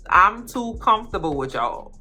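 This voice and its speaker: A woman giving a casual, sassy recap of a TV show, animated and talking straight to her viewers. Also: medium pitch, takes it slowly, faint music behind. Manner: animated, sassy, swearing, talks to viewers directly.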